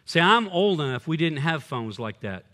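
An older man, a pastor preaching a sermon, swinging between loud punchy lines and quiet low drops. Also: sing-song, normal speed.

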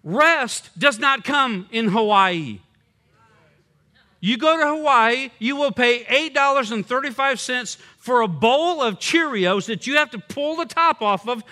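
Older man preaching, high bright voice, lively swings; pastor at the pulpit. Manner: animated, swinging between loud punchy lines and low drops. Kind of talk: sermon.

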